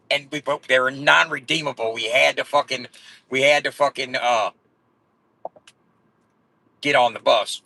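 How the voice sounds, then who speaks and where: A man's voice: fairly high pitch, gravelly, bright, forceful tone, low-quality recording. A man in his forties telling rambling, profane stories in a blunt way. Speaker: vlogger.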